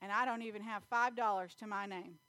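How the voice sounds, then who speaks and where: A woman preaching a sermon in church, telling stories and acting out scenes with loud animated bursts. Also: mid-range voice, fairly quick, dry recording. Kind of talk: sermon with storytelling.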